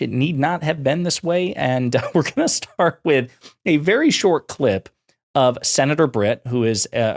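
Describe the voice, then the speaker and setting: A man hosting a political commentary channel, talking casually and sarcastically with frequent fillers. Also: medium pitch.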